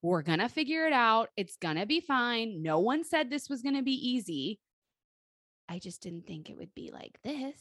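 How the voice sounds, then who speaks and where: Woman, 30s, podcast co-host. Blunt and animated, fairly high, with a dry close sound. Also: normal speed, no room sound. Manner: blunt, animated, swearing freely. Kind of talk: casual chat.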